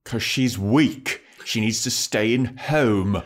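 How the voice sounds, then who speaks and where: A man with a lowish voice co-hosts a relaxed chat recap of a TV show. He laughs easily and slips into goofy put-on voices to act out scenes. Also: slow pace. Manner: laughing often, acting out characters in silly high voices. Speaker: podcast co-host. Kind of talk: casual chat recapping a TV episode.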